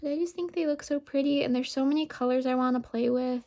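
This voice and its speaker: A woman beauty vlogger narrating a makeup tutorial, calmly explaining each step. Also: sits high, quick pace.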